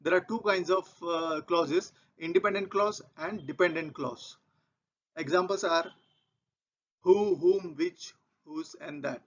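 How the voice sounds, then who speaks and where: A man teaching English grammar, walking slowly and methodically through example sentences and repeating key points. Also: fairly high pitch. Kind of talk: explaining grammar over slides. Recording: dull lo-fi recording.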